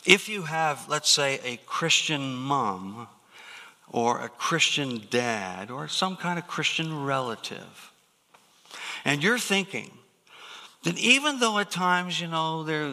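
A man's voice: mid-range voice, sharp tone, long reverb tail. A man preaching a sermon, explaining scripture with emphatic rises on key words. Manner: emphatic preaching, rising to stressed peaks. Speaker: pastor.

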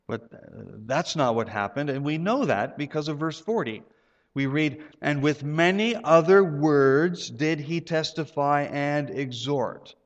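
A man preaching a sermon in church, telling stories with playful asides and an animated delivery. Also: a little high, unhurried, lo-fi sound. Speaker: pastor. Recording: long hall reverb.

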